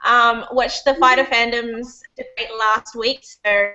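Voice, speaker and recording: A woman's voice: a little high, steady tone, takes it slowly, bright, forceful tone, highs cut off. A woman hosting a casual livestream chat, rambling and giggly as she wraps up. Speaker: host.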